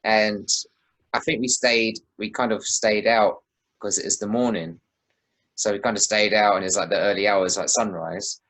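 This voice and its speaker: Young guy, lowish voice, laid-back podcast storytelling, swears a lot. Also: fairly even intonation, moderate pace, a bit bright, low-quality recording. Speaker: podcast co-host. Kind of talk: casual chat.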